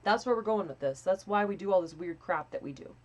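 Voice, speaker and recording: A young woman coaching a live voice training lesson in a casual, chatty way, swearing freely and demonstrating breathy and pinched sounds. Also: medium pitch, expressive, brisk, darkish tone.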